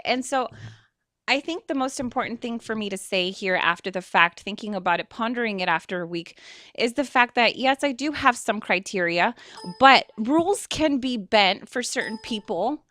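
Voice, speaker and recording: A woman's voice: on the high side, lively intonation, moderate pace, sharp tone, no echo, clean studio sound. A young woman hosting an internet radio talk show, rambling and emotional, laughing often.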